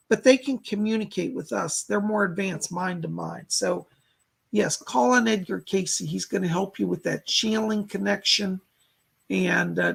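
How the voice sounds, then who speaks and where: Gravelly-voiced man giving psychic readings. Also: sits high. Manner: relays spirit messages with constant "he said" asides; talks listeners through a meditation in calm steps. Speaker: psychic medium. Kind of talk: live-stream psychic readings and guided visualization.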